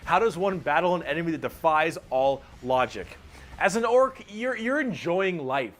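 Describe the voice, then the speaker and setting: A man with a voice pitched a little above the usual talks through a casual explainer video. His delivery is excitable and jokey, and he swears freely as he rambles enthusiastically. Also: normal speed. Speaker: video narrator explaining game factions.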